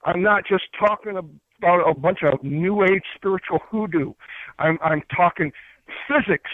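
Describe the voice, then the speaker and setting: A man from upstate New York teaches about crystals and spirits in loose, earnest talk. He keeps stopping to restart his sentences and drops in filler words. His voice sits high and comes through dry and tinny, like a phone line. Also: unhurried, no echo.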